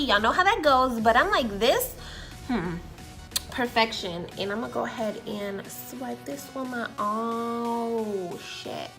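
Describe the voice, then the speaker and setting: A woman beauty vlogger with a slightly high, bright, forceful voice, chatting casually through a makeup first impression. She gushes excitedly, swears freely and slips into awed whispers. Faint music plays underneath. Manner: drops to an awed whisper over colors.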